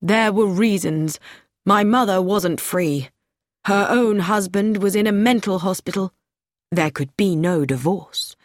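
A woman's voice: mid-range voice, unhurried, no room sound, clean studio sound, close to an everyday voice. A woman doing a nervous paranoid young man. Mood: fearful. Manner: earnest, confiding, growing fearful. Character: anxious paranoid young man, self-important.

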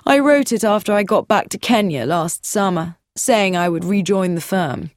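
A woman's voice: medium pitch, moderate pace, dry recording, close to an everyday voice. A woman voicing a brash, cheerful younger brother who talks in a breezy, mocking way.

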